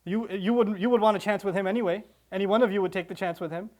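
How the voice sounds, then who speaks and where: A man giving a religious reminder, telling a scripture story with animated acted-out quotes and quick recitation of Arabic verses. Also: high-pitched. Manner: animated, acts out quoted characters. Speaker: preacher.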